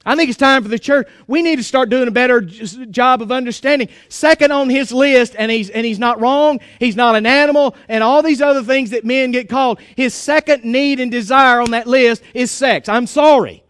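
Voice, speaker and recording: A man's voice: very high-pitched, moderate pace, few pauses, a bit bright, clean tone, dry recording. A man preaching a sermon in a folksy, joking and emphatic way.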